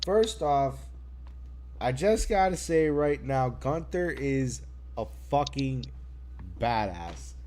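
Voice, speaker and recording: A man on a casual wrestling podcast, excitable and profane, laughing often. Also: medium pitch, takes it slowly, a little hiss or hum. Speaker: podcast co-host.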